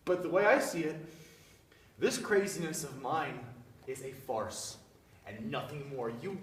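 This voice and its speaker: A young man playing a tormented, guilt-ridden married man who talks in a brooding, bitterly ironic way, swinging from hushed tones to outbursts, in a stage scene. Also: a little high, full character voice. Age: young adult. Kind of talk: stage acting. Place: stage in a theatre. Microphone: far camera. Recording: echoey room from far off, faint noise.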